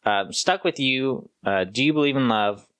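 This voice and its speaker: Lively, rambling male podcast host. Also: mid-range voice, moderate pace, clean tone, no echo, studio quality. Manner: rambling, hums and sings song snippets. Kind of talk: casual chat.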